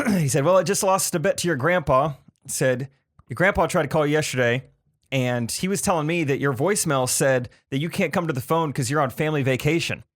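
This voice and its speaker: A man co-hosting a podcast, telling stories in a dry, deadpan way in casual chat. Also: on the high side, fairly quick. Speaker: podcast co-host.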